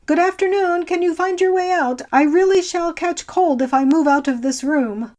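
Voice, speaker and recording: A woman voicing a fussy, anxious elderly gentleman who talks in a prim, fretful, genteel way. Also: fairly high pitch, expressive, normal speed, close to an everyday voice. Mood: flustered.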